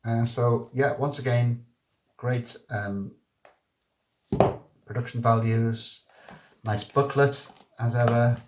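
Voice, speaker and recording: A man talks through records at an easy pace, pausing on ums and restarting his sentences, warmly keen on what he shows. His voice sits at an ordinary middle pitch and carries a roomy echo from the indoor space around him. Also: steady tone, background noise. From Liverpool, England. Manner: unhurried, hesitant, with frequent ums and restarts; gently enthusiastic. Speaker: vinyl record reviewer. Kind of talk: casual video record review.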